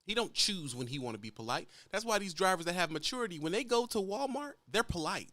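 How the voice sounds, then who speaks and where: Man, truck driver, blunt lecturing rant, bright forceful voice, dry close sound. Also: sits high, very animated, quick pace, few pauses, dry recording. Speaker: truck driver giving advice. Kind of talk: casual ranting vlog.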